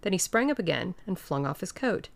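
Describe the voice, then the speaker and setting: Female audiobook narrator, measured, low and gravelly. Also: sing-song. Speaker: audiobook reader. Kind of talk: scripted narration.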